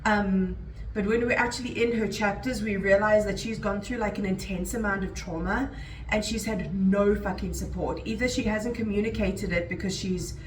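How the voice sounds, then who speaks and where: A woman's voice: medium pitch, fairly even intonation, moderate pace, far from the mic. A woman talks through her day and her reading in a loose, rambling vlog chat, dropping "like" and "um" often. Her voice sits a little off the mic in an echoey room, with faint noise underneath. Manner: chatty, rambling with frequent "like" and "um". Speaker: book vlogger.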